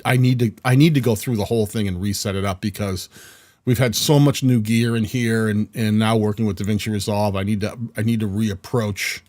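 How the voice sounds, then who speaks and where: A man in his fifties with a New England accent chats loosely on a live stream, circling back and restarting his sentences as he reads out comments. His voice sits on the low side. The sound is close and dry, with almost no room behind it. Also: darkish tone, no echo. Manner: chatty and rambling, with frequent restarts. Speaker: video editing channel host. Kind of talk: casual live-stream chat reading comments. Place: home video studio.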